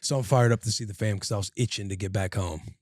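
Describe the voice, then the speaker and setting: A man in his thirties, a podcast co-host, telling a long story in casual chat, animated and slangy. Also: fairly low pitch, quick pace, no echo, studio quality.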